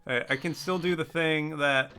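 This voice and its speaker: A man making joking, profane asides while he plays a game on stream. His voice sits a bit high and very bright, swinging with lively energy over faint game music. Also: normal speed. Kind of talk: casual gaming livestream commentary.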